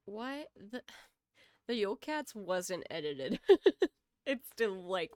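Slow, dry-sounding wry woman co-host. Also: mid-range voice, big pitch swings, a little mellow, no echo. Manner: quick wry reactions, playful. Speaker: podcast co-host. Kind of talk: casual chat.

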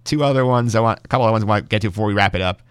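A man hosting a podcast in casual chat, quick and agreeable, steering through the topics. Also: on the low side, clean tone, no echo. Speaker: podcast host.

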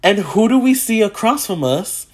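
Excitable, foul-mouthed man telling a story. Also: high voice, normal speed. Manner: acts out quotes with gasps and laughter. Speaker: vlogger. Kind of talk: casual story time.

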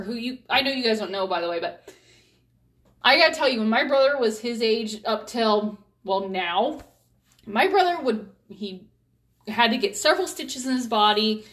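A woman in her thirties tells a family story in a loose, chatty way. Her voice sits a little high, and her talk is frank, with casual swearing. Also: a bit bright. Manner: candid and chatty, swears freely.

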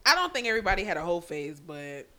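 A woman's voice: lowish voice, big pitch swings, fast, sharp tone, slight background noise. A woman in her thirties hosting a frank, casual chat, candid and laughing often. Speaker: podcast host.

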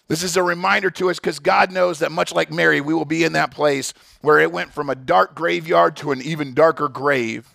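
A man's voice: a little high, steady tone, a little fast, creaky, hardly any pauses, a bit bright, dry recording, clean studio sound. A man preaching a sermon as pastor, emphatic, often restarting his words.

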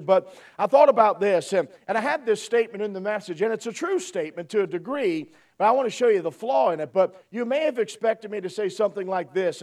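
A man's voice: high voice, a little mellow, recorded from a distance. A man preaching a sermon from the pulpit, emphatic, repeating key phrases and asking "amen?" often. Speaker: pastor. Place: church.

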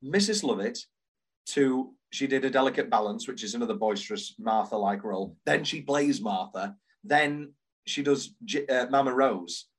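A man's voice: medium pitch, slightly rough. A man co-hosting a podcast, chatting with enthusiasm and restarting his sentences often. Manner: animated, gushing, many restarts. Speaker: podcast co-host. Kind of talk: casual enthusiastic chat.

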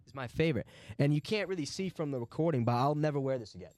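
A man's voice: on the high side, animated, fast, darkish tone, dry recording. A man in his twenties, co-hosting a podcast, telling a loose, profane story full of filler words. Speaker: podcast co-host. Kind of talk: casual chat.

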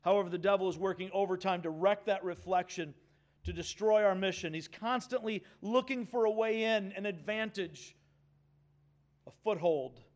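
At a moderate pace, a high-pitched man delivers a sermon as pastor, earnest and emphatic, prompting the congregation to respond aloud.

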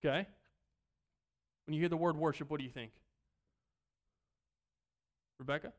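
A man preaching a sermon in a church, talking casually, asking the congregation questions and swinging between loud bursts and quiet asides. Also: fairly high pitch, fairly even intonation, moderate pace. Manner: conversational, asks the congregation questions. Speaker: pastor.

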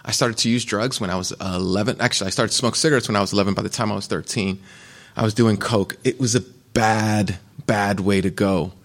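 A man in midlife from the United States tells his testimony at a retreat in a loose, candid, conversational way. His voice sits fairly low and carries a gravelly, fry-edged texture. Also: steady tone, brisk. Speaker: retreat speaker. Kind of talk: personal testimony talk.

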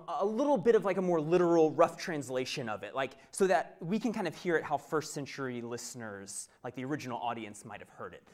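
A man preaching a sermon as pastor, telling stories in a chatty, animated way with asides. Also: a little high.

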